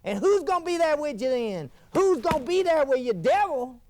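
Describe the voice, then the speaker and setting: An actor playing a fiery male TV preacher, delivering a folksy fire-and-brimstone sermon with wild swings in pitch. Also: big pitch swings, moderate pace, darkish tone, slight background noise. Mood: preaching. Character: fiery male TV preacher thundering about damnation. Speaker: televangelist. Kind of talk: scripted mock TV sermon.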